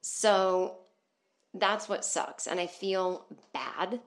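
Talking very slowly in a lowish voice, a woman delivers a casual comedic monologue for her podcast. She rambles, pokes fun at herself, and swears freely, all from inside a small soundproof booth.

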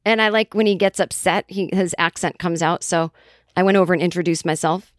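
A woman's voice: lowish voice, steady tone, fairly quick, dry recording, clean studio sound. A woman from Boston, a comedian chatting casually on a podcast, rambling through tangents with plenty of swearing and fillers. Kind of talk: casual chat.

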